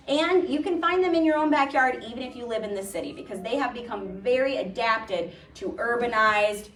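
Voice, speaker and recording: A woman nature educator giving a chatty, playful talk about birds to a live audience, now and then imitating their calls. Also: on the high side. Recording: echoey room, distant mic.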